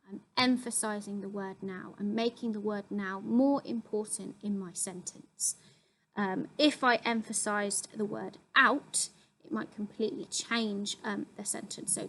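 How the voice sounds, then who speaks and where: A woman's voice: mid-range voice, steady tone, unhurried, fairly bright tone, rough recording. A young woman, a drama teacher, steadily explaining acting terms to her students with frequent ums. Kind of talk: classroom explainer video.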